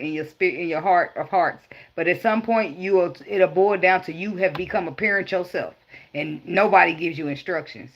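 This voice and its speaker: A woman's voice: lowish voice, highs cut off. Blunt, profane woman giving tarot advice. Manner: blunt, profane, laughing, animated storytelling. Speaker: tarot reader. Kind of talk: casual spiritual advice vlog.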